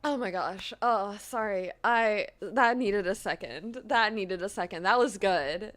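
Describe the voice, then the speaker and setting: A woman game streamer chatting casually on a live stream, animated, laughing often and using playful slang. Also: mid-range voice, unhurried.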